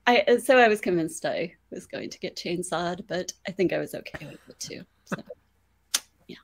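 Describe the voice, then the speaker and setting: A woman guest on a podcast telling a story in a casual, excitable way, laughing often and using lots of fillers. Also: fairly low pitch, normal speed.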